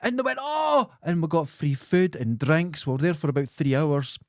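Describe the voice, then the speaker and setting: A man's voice: fairly high pitch, very animated, fairly quick, no echo, studio quality. A Scottish man hosting a podcast, telling stories in casual comedic chat, often mimicking other people and laughing. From Scotland. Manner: storytelling, often mimics others in raised voices, laughs a lot. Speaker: podcast host.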